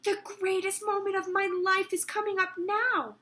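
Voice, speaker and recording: A woman voicing a shy, nervous older man who speaks in a hushed, fluttery way. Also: very high voice, level tone, normal speed, pitched above the performer's own voice.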